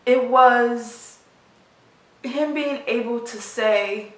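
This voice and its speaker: A woman of about twenty, telling a personal story in a halting, emotional way full of fillers, recorded in her apartment. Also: medium pitch, a bit bright, distant mic. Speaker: vlogger. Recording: roomy sound, voice from off the mic.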